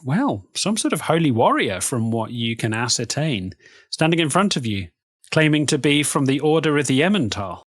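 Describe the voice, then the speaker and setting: A game master narrating a tabletop game in a lively, profane way and laughing often. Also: medium pitch, normal speed, no room sound, clean studio sound.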